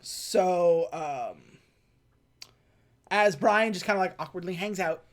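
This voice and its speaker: Rambling man recapping a movie. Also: high voice. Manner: rambling, laughing, acting out film lines in quick voices. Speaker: podcast co-host. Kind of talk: casual movie recap chat.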